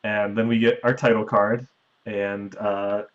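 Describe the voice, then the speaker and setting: A man's voice: fairly low pitch, level tone, measured pace, muffled recording. A man hosting a podcast, casually recapping a movie's plot at length with the odd chuckle. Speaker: podcast host recapping a film. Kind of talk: casual chat.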